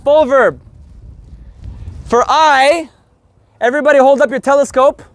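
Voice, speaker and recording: A man teaching a live group Spanish lesson in an energetic, joking, profane way. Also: very high voice, a little slow.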